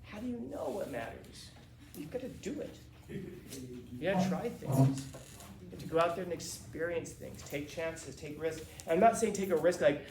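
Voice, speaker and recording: A man's voice: a little high, animated, moderate pace, darkish tone, roomy sound, slight background noise. A male teacher giving a classroom lecture in a casual, slangy way, acting out quotes as he talks.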